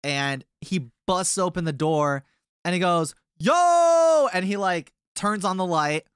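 A man's voice: a little high, a little slow, a bit bright, smooth, no room sound, clean studio sound. A young man in a band chatting casually as a guest, rambling through a story with lots of filler words. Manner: rambling, many fillers and restarts. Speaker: touring band member, guest.

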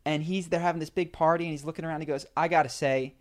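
Animated male storyteller in casual chat. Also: on the high side, racing. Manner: animated storyteller, many fillers and restarts.

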